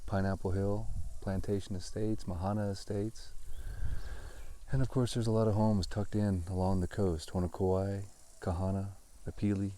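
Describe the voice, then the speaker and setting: A man's voice: low voice, little pitch movement, normal speed, warm tone. A man, a real estate agent, chatting casually and jokingly on a live stream from outdoors on a hillside. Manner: chatty, jokey, upbeat.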